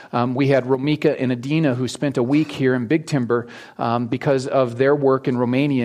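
A man preaches a sermon in a chatty, storytelling way. He often hesitates with ums and restarts his sentences. His voice sits at an ordinary middle pitch. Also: a little mellow. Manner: halting, many ums and restarts; conversational storytelling. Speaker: pastor.

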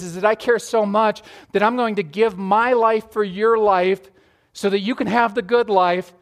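A man's voice: sits high, pitched above the performer's own voice. A male pastor voicing Jesus in first person during a sermon, speaking earnestly. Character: Jesus, adult man, tender and self-giving.

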